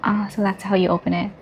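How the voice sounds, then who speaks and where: A woman's voice: medium pitch, vocal fry, slight background noise. A woman filming an unboxing vlog, gushing, gasping and squealing with delight. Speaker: vlogger.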